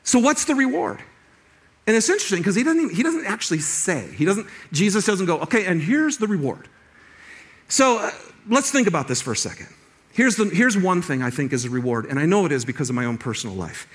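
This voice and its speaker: A middle-aged male pastor giving a sermon, telling a personal story with lively restarts and laughter. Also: high voice, brisk.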